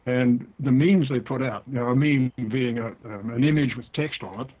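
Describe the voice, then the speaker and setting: An older man with a New Zealand accent, a guest author talking deliberately through an interview. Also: mid-range voice. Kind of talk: interview over the phone. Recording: tinny phone line.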